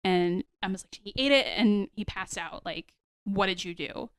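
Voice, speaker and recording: Animated woman recapping a show, smooth voice. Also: medium pitch, moderate pace, no room sound, studio quality. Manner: animated, acts out characters' lines, addresses listeners as y'all. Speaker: podcast host. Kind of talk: casual chat recapping a TV episode.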